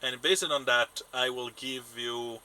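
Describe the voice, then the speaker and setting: A man running a tabletop game as game master, narrating what happens in a halting, stop-start way. His voice is very bright and tense. He restarts his phrases often. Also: medium pitch, steady tone, clear, resonant tone, poor audio.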